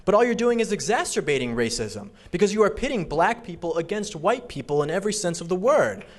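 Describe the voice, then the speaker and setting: A man delivering an emphatic fundraiser speech. His voice sits a little high, and he repeats his points for force. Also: sing-song, brisk. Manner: emphatic, repetitive. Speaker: political speaker.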